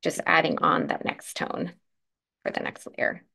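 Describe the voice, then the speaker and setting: A woman hosting a live crafting demo, chatting through each step and answering viewer comments, with a croaky morning voice. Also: a little slow, bright, forceful tone. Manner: chatty, explains steps while working, answers comments. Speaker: craft livestream host.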